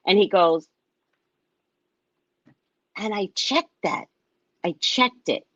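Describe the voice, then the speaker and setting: A woman hosting her show, casually telling a funny travel story, animated and acting out what people said, often asking "right?". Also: medium pitch, takes it slowly, no echo, muffled recording. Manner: animated, acts out other people's lines; frequent tag question "right?". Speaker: show host and psychic reader.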